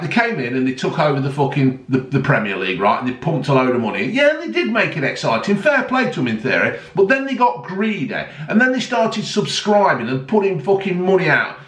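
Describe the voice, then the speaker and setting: A man's voice: fairly high pitch, big pitch swings, moderate pace, a bit bright, distant mic. A sarcastic man, ranting heatedly and swearing constantly in a vlog. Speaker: vlogger. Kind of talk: angry ranting monologue. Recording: roomy, voice a bit off-mic.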